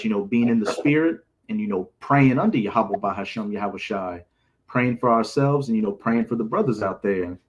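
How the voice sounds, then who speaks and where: Guy leading bible study, emphatic, casual street talk, mid-pitched voice. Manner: emphatic, repeats sacred names, street phrasing. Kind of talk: scripture study discussion.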